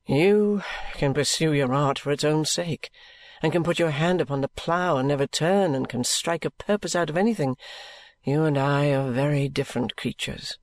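A man's voice: a little high, normal speed, dry recording, close to an everyday voice. A man voicing an earnest, troubled young man in an audiobook, pleading and sincere. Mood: rueful. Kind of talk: audiobook character reading.

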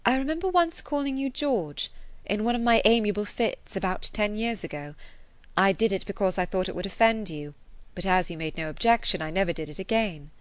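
A woman's voice: medium pitch, fairly quick, no echo, natural voice. A woman reading a teasing witty young lady. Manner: teasing, lively. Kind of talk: audiobook character reading.

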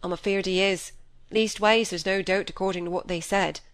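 A woman's voice: medium pitch, fairly even intonation, moderate pace, close to an everyday voice. A woman voicing a worried country groom in an audiobook, with plain rustic speech, in her own everyday voice.

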